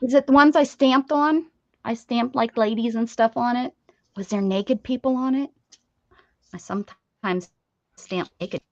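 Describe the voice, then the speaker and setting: A woman's voice: fairly high pitch, a little slow, long pauses, dry recording. Chatty woman hosting a craft stream. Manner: chatty, jokey, laughs often. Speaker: craft livestream host. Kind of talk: casual chat while opening mail. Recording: dull lo-fi stream audio with faint hiss.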